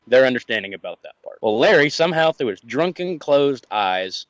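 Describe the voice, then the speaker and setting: A young man telling a casual story, animated, swearing and laughing a lot. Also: medium pitch, a little fast, no room sound, dull audio.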